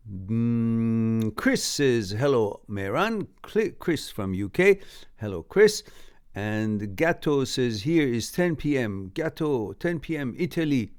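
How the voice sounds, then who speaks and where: A man from Canada hosting a live stream, reading viewer comments aloud with chuckles and upbeat asides. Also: mid-range voice. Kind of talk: casual live-stream chat.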